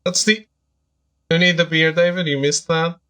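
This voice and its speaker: A man's voice: on the high side, fairly even intonation, normal speed, bright, forceful tone. A man chatting casually while streaming a game, playful and laughing often. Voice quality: playful, laughs often, hams up reading foreign text aloud. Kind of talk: casual gameplay commentary.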